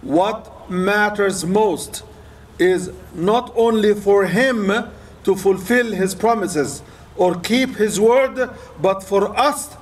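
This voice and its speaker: A man, an imam, preaching a sermon with impassioned storytelling, retelling old accounts. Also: high-pitched. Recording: distant mic with faint room noise.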